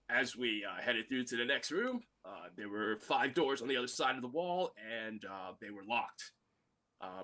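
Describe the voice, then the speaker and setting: A man playing in a tabletop game, recapping the last session in a halting way, full of filler sounds. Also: mid-range voice, bright, forceful tone. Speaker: player.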